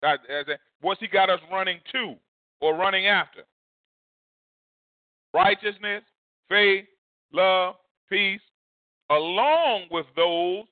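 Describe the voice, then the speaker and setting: A male pastor preaching a storytelling sermon, leaping high in pitch to act out a shouting crowd. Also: slow pace, long pauses, no echo. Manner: animated, swings high to mimic a shouting crowd. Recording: dry, phone-like narrow sound.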